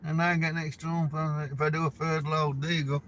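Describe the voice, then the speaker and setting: Chatty Yorkshire trucker with a high voice. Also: male voice, level tone, a little fast, fairly bright tone, slight background noise. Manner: rambling, chatty, laughs between stories. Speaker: truck driver. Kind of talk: casual chat to camera.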